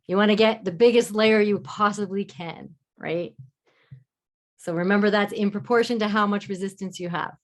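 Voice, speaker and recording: A woman hosting a live online masterclass as a mentor, explaining in an encouraging way and speaking mantras softly and slowly. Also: mid-range voice, steady tone. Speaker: love mentor and masterclass host.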